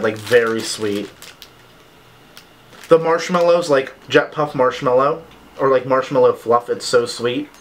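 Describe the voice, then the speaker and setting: Chatty vlogger unboxing, noisy crinkles. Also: medium pitch. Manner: chatty, lots of "like" fillers. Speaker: vlogger reviewing candle scents. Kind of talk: casual unboxing chat.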